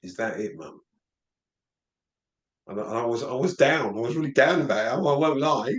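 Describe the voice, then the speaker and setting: A man, an interview guest, talking in a halting, reflective way and often repeating his words. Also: mid-range voice. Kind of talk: casual reflective conversation. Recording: roomy echo.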